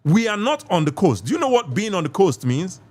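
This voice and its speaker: A man's voice: sits high, sing-song, a little fast. A man with a Nigerian accent hosting a live call-in podcast debate, assertive and lecturing, repeating himself for emphasis. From southeast Nigeria. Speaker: podcast host.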